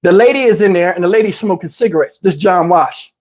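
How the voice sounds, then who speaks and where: A man casually telling a personal story, animated and slangy, often breaking into laughter, on a lapel mic. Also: high-pitched, quick pace. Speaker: channel host telling a story. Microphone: wireless lapel mic.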